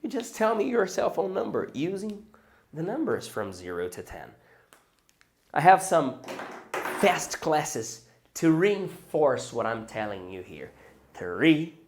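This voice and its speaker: A man with a Brazilian Portuguese accent, a native Portuguese speaker, teaching English and drilling each word deliberately and repeating phrases. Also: a little high, very animated, slight background noise. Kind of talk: slow, deliberate English lesson.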